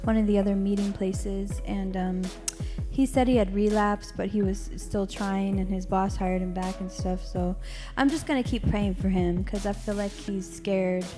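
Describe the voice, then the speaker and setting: A woman at a recovery meeting, speaking hesitantly with halting pauses and fillers. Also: mid-range voice, steady tone, dark tone, soft background music. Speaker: meeting attendee.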